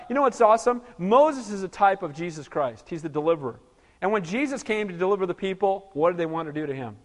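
A man preaches a conversational sermon as the pastor of a church, talking to the congregation and regularly asking them for an "Amen?" His voice sits high for a man. The sound carries a long, hall-like reverb.

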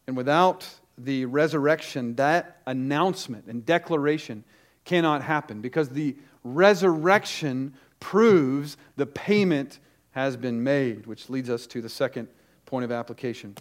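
A man preaching a sermon to his congregation with emphatic, urgent delivery, hitting key words hard and dropping into quick asides. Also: mid-range voice. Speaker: pastor.

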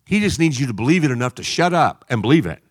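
A man preaching a sermon in an animated way, jumping between loud shouts and quiet asides. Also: medium pitch, quick pace, husky, no echo, clean studio sound.

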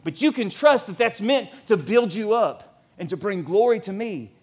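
A pastor in his forties preaching a sermon in a church, animated and at times nearly shouting. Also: high-pitched, moderate pace, husky.

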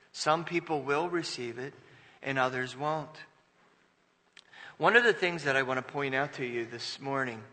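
A man's voice: mid-range voice, bright, forceful tone. Preacher man in an echoing hall. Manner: preaching with rising bursts of emphasis and repeated restarts. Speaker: pastor. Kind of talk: sermon. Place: church sanctuary. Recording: long reverb of a church hall.

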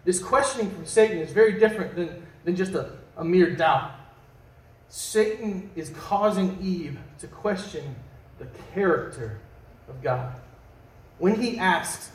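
A man's voice: on the high side, lively intonation, unhurried. A man preaching a sermon as pastor, in a conversational way that puts questions to the congregation and slips in jokes. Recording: echoey room from a distant mic.

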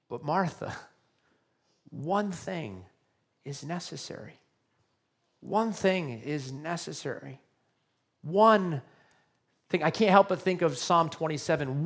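A man's voice: a little high, expressive, a little slow, pauses often. A male pastor giving a sermon, earnest and repetitive, often checking in with his listeners by asking questions.

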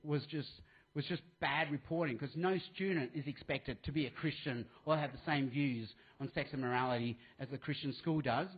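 Australian man, animated, tinny sound. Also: medium pitch, normal speed, slightly rough. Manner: animated, acts out voices, restarts. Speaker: speaker. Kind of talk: live talk answering a question.

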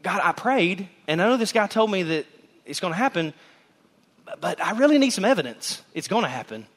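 Brief fretful doubting old priest, played by a male preacher, high and bright, in a reverberant church. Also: big pitch swings, a little fast, full character voice. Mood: pleading. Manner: incredulous, pleading. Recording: long hall reverb in a church.

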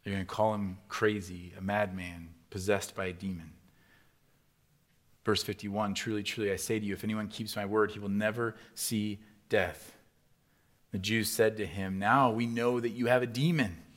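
A man preaching a sermon, talking to the congregation as if chatting with them. He asks rhetorical question after question. His delivery swings between loud, rising emphasis and quiet, low stretches. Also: steady tone, moderate pace. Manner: builds to loud, rising emphasis, then drops to soft and low. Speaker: pastor.

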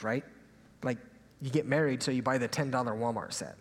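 A young man preaching a sermon as a pastor, telling a personal story in a lively, animated way and sometimes dropping to a hushed aside. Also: medium pitch, a little fast, breathy edge. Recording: hall reverb, faint ambience.

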